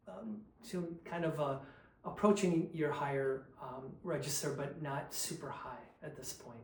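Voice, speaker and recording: A man teaching a choral diction lesson, demonstrating consonant and sung syllable drills in a patient, unhurried way. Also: a little high, darkish tone, roomy sound, rough recording. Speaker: vocal coach.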